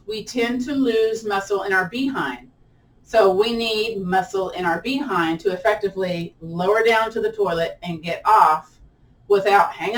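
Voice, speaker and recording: A woman's voice: mid-range voice, fairly bright tone, distant mic, poor audio. A woman with a lilt talks students through a strap yoga class in a chatty, playful way. She laughs often, and her voice jumps up when a stretch gets hard. She sits a little way from the mic, with a faint hiss in the background. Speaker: yoga instructor. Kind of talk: chatty guided exercise class.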